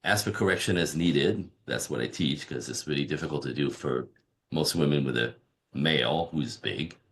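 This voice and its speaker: In a podcast interview, a relationship coach speaks in a rumbling, gravelly low voice at a moderate pace. He's emphatic and animated, keeps saying "right?", and acts out the voices of his clients.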